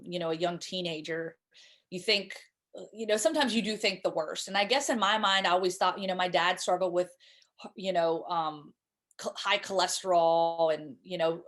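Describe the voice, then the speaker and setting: A woman in her thirties, a guest in an interview, recounting a painful personal story in a halting, emotional way with many repeated words. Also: lowish voice. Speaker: guest speaker.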